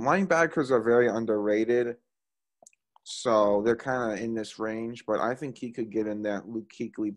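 A young man co-hosting a casual sports podcast, enthusiastic and quick to laugh. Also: fairly low pitch, a little mellow. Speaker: podcast co-host.

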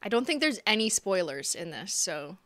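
A woman's voice: medium pitch, sing-song, moderate pace, fairly bright tone, no room sound. A young woman chatting casually with her viewers while live-streaming a game, giggly and talkative. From Canada. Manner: chatty, giggly, talks to chat.

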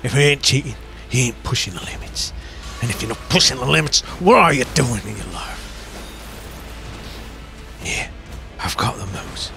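A man with a croaky voice doing a put-on Cockney accent while giving cocky, swaggering, in-character gameplay commentary as a streamer. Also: mid-range voice, lively intonation, moderate pace, long pauses, pushed and bright. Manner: swaggering, cocky boxer bravado with frequent swearing. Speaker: gaming streamer. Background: game music.

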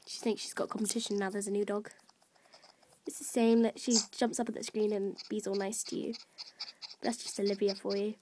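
A woman's voice: mid-range voice, flat delivery, brisk, mellow, slight background noise. A woman chatting casually and rambling with many fillers while she shows off her virtual pets. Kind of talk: casual gameplay chat.

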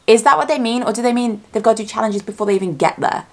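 A woman talking casually as a YouTuber reacting to a trailer, chatty and excitable, thinking aloud and correcting herself as she goes. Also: a little high, very fast. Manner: speculative fan talk, often self-correcting.

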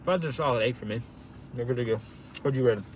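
A man's voice: medium pitch, fast, a little hiss or hum. A young man co-hosting a casual food review in a parked car, easygoing and rambling, often laughing. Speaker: podcast co-host doing a food review. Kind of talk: casual chat while eating.

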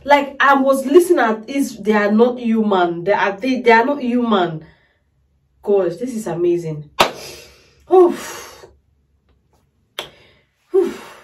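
A tearful woman gushes to her viewers in a reaction vlog, repeating her praise over and over. Her voice sits a little high for a woman. She is picked up from slightly back from the microphone. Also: expressive, takes it slowly, pauses often, recorded from a distance, slight background noise. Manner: effusive, repeats exclamations, keeps calling viewers "guys". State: tearful, crying. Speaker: music reaction video host.

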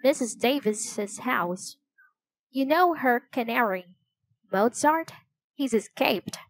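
A friendly young boy from a children's storybook, voiced by a woman reading aloud. He talks at an unhurried pace in a dry, close sound. His manner is easygoing and cheerful. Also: fairly high pitch, animated, no room sound, pitched above the performer's own voice, full character voice.

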